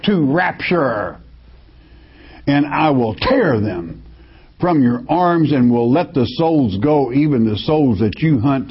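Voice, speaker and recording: A man's voice: fairly high pitch, breathy edge. A man preaching a sermon, reading Bible verses aloud and commenting emphatically. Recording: dull lo-fi recording.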